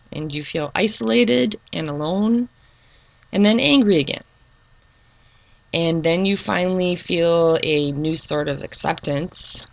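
A middle-aged woman talking earnestly and hesitantly in a personal video monologue, pausing with frequent ums. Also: on the low side, creaky, no room sound, lo-fi sound. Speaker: YouTube channel creator.

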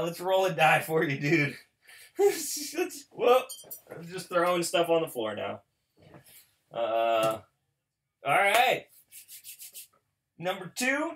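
Slow-talking man with a bright, forceful voice. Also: high voice. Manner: chatty and self-mocking, bursts into excited shouting. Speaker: host opening card packs for viewers. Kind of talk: casual pack-opening commentary.

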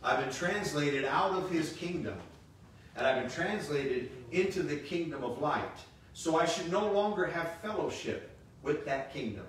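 Heard through a distant mic in an echoey church sanctuary with a faint hiss, a pastor in his fifties delivers his sermon a little slowly. His voice is fairly high and expressive, and he drives points home emphatically, repeating phrases and adding joking asides.

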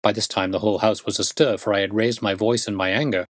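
Low-voiced male storyteller, dry sound. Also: fairly even intonation, quick pace, fairly bright tone, no room sound. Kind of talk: audiobook narration.

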